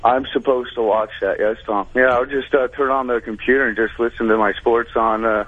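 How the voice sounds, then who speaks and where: A man's voice: medium pitch, steady tone, fairly quick. A man in his twenties calling a radio show, rambling and complaining with frequent laughs. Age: 20s. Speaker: caller. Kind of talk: phone-in chat. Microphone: telephone. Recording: tinny phone line on radio.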